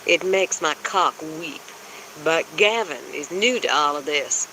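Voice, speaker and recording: Slow bright-voiced male audiobook narrator. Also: fairly high pitch, a little hiss or hum, rough recording. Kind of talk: scripted narration.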